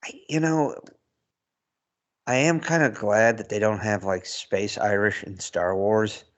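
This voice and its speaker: A man's voice: on the low side, fairly even intonation, takes it slowly. A man co-hosting a podcast, chatting casually and rambling with chuckles. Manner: rambling, chuckles through points. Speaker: podcast co-host. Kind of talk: casual chat.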